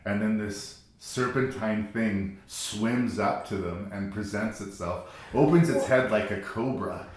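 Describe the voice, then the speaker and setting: A man's voice: fairly low pitch, measured pace, few pauses. A man chatting casually on a film podcast, blunt and wry, often mocking what others say. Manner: wry, blunt, mock-quotes people in voices. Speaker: podcast co-host. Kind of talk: casual film review chat. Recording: very echoey room.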